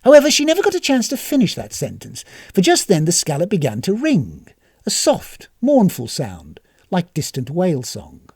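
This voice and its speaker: Storybook narrator, wry, expressive, husky, dry recording. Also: mid-range voice, moderate pace, no room sound.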